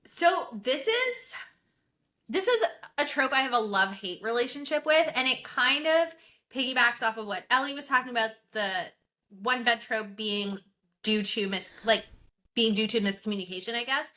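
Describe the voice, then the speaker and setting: A woman co-hosting a podcast, talking casually and excitedly, often restarting her sentences. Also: fairly high pitch, moderate pace. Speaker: podcast co-host. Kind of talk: casual chat.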